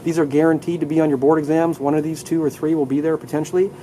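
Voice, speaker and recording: A man's voice: on the high side, steady tone, fast talker, warm tone, slight background noise, poor audio. A man teaching anatomy in a live classroom lecture, upbeat, leading students through muscle names and asking them to repeat terms aloud. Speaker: anatomy instructor.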